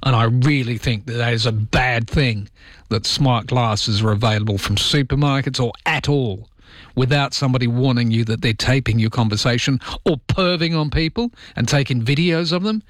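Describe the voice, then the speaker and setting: A man's voice: mid-range voice, normal speed, no echo. A man with a Welsh accent and a slight lisp, hosting overnight talkback radio, reading listener texts and giving his opinions in a chatty way. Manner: chatty and opinionated, with frequent ums. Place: radio studio.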